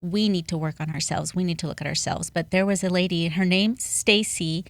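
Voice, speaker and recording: Woman life coach on a podcast, earnest storyteller, lowish voice, dry sound. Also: fairly even intonation, brisk, no room sound. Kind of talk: conversational interview.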